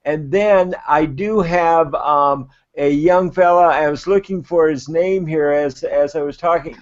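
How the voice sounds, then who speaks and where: Excitable man on a lo-fi video call. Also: a little high, a little slow. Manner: excited, rambling, self-described natural enthusiast. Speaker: crowdfunding adviser. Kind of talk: enthusiastic advice on a live web show.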